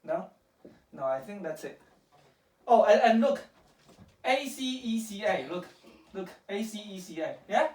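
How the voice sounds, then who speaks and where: A woman's voice: mid-range voice, animated, unhurried, pauses often, a little mellow. Woman teaching coding in an echoey room. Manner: patient, questioning, checks understanding often. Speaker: parent teaching programming. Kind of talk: casual home coding lesson. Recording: echoey room, far from the mic.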